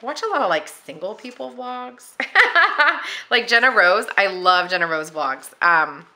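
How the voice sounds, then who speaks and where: A woman's voice: lowish voice, lively intonation, normal speed, pushed and bright. A woman chatting casually at home while she decorates a planner, rambling with lots of fillers. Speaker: planner vlogger.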